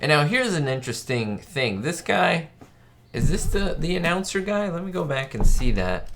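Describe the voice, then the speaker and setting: A man's voice: fairly high pitch, very animated, moderate pace, vocal fry, fairly bright tone, slight background noise. A man hosting a live stream, chatting enthusiastically in a casual way and reading out viewer questions.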